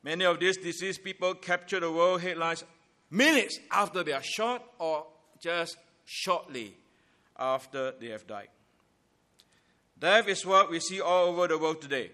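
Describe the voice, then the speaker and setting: A man preaching a Good Friday sermon in an emphatic, deliberate way, stressing his key phrases. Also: fairly high pitch, sharp tone.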